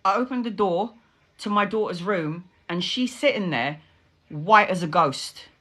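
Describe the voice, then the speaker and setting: A middle-aged woman, a tarot reader telling stories in casual, animated chat and swearing freely. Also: mid-range voice, measured pace.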